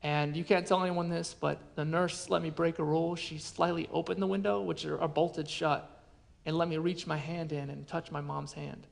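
A man preaching a sermon as a pastor, telling a personal story in an earnest way and often dropping to a hushed voice. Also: a little high, level tone, normal speed, gravelly.

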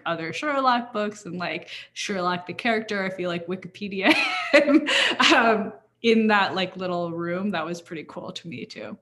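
A woman's voice: fairly low pitch, fairly bright tone. A young woman in casual chat as a podcast co-host, talking with many fillers and frequent laughs.

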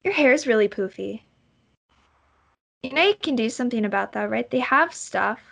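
A woman voicing a prissy, blunt ten-year-old girl who talks in a high, chirpy way. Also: lively intonation, moderate pace, vocal fry, fairly bright tone, heavily acted. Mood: nosy.

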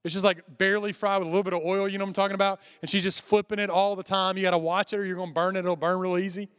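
A man's voice: high voice, level tone, racing, fairly bright tone, clean tone. A man preaching a sermon, telling a personal story in a conversational way and speaking directly to the congregation. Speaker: pastor.

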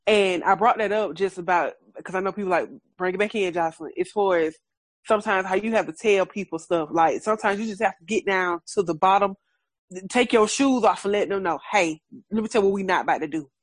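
A woman talks in a frank, animated way, cursing freely and breaking into laughter. Her voice sits at a mid pitch and is recorded close and dry, with no room sound. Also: a little fast, no room sound. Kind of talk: casual chat.

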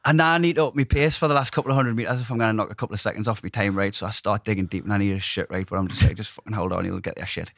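A man's voice: lowish voice, racing, few pauses, dry recording. Man, podcast co-host, swears a lot, laughs through his stories, dry room. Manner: sweary, animated storyteller, laughs often. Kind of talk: casual podcast chat.

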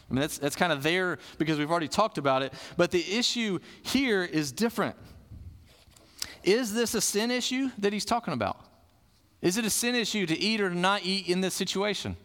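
A man preaches in a relaxed, conversational way, posing questions to the room and then answering them. His voice sits high for a man. The sound carries a long reverb from a church hall. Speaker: pastor. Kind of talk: sermon.

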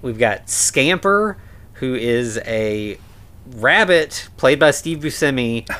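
A man co-hosting a podcast talks through a film in a slow, animated way, his medium-pitched voice carrying a sharp tone. His delivery is casual and rambling, full of fillers and restarts.

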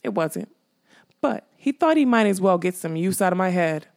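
A woman reading an audiobook, voicing a mocking dead male skull that guards a castle, in a slow teasing drawl. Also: lowish voice, lively intonation, gravelly, a little mellow.

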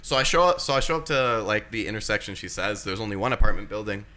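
A young man tells a crude story among friends, animated and acting out every line. His voice sits low but sounds bright and forward. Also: fast talker. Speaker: podcast host telling a story. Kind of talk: casual storytelling chat.

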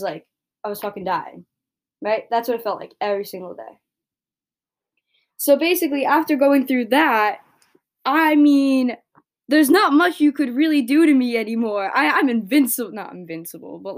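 A young woman hosts her own podcast, rambling casually in a medium pitch and leaning on "like" and "right?". She swears freely and gets heated when something frustrates her.

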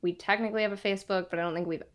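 A woman's voice: mid-range voice, steady tone, rapid-fire. A woman co-hosting a podcast in casual chat, telling a story full of fillers and quoted reactions. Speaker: podcast co-host.

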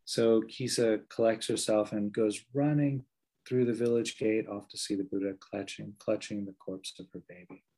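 Male meditation teacher, low husky voice, gentle earnest storytelling. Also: steady tone, moderate pace, rough recording.

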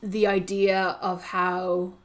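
A woman's voice: mid-range voice, level tone, slow pace. Woman host, casual chat recapping a novel, chatty, filler-heavy. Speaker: podcast host discussing a book.

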